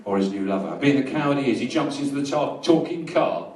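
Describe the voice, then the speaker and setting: A man with a London accent doing a rambling stand-up routine in a small live venue, telling absurd stories in a dry, deadpan way. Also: medium pitch, fast talker, background noise. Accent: London English. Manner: rambling deadpan storytelling, bursts into loud rants. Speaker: stand-up comedian. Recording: roomy live recording from a distance, audience laughter. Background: audience laughter.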